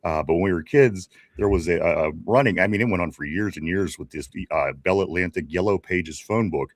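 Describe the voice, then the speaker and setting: A man's voice: deep voice, a little fast, no echo, studio quality. A man in his forties co-hosting a casual sports talk show with a Pittsburgh accent, rambling, repeating his greetings and laughing often. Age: 40s. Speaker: podcast co-host.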